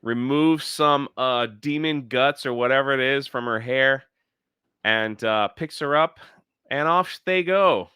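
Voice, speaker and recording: A man's voice: mid-range voice, unhurried, bright, forceful tone, clean tone, dry recording, clean studio sound. A man hosting a casual review chat, dismissive and critical as he recaps the plot. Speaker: show host.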